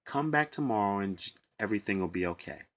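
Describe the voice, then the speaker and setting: A man voicing a brisk, politely dismissive female assistant supervisor in a retold story. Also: lowish voice, expressive, fairly bright tone, pitched below the performer's own voice.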